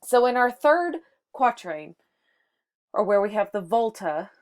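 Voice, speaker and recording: A woman's voice: medium pitch, very animated, a little slow. A woman teaching a short lesson on poetry, explaining step by step with some fillers and restarts. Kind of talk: microteaching lesson on sonnets.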